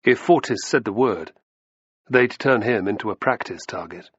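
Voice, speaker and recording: A man narrating an audiobook with a dramatic, expressive reading. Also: on the low side, normal speed, slightly rough, dry recording. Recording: dull lo-fi dry recording.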